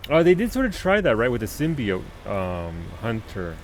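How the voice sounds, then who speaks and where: A man streaming a video game live, commenting on the action and replying to chat in an excitable way, swearing and laughing often. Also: medium pitch, moderate pace, a little hiss or hum.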